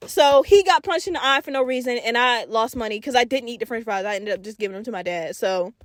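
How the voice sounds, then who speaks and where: A woman hosting a podcast, telling a story in a casual, animated and profane way, laughing and acting out voices. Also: fairly high pitch, quick pace, no echo, studio quality. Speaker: podcast host.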